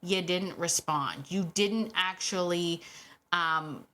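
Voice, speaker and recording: A middle-aged woman hosting a casual solo podcast about dogs, animated and quick to act out what dogs might say, laughing often. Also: fairly low pitch. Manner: animated, acts out dogs' voices, laughs often. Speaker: podcast host and dog trainer.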